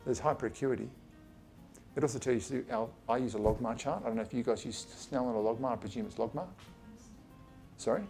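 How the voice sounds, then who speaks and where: Speaking a little fast but with long pauses, this man has a medium-pitched, slightly mellow voice over soft background music. He's an Australian eye surgeon giving a casual talk to a small group of colleagues in his office, blunt and chatty, dropping swear words and acting out patient conversations.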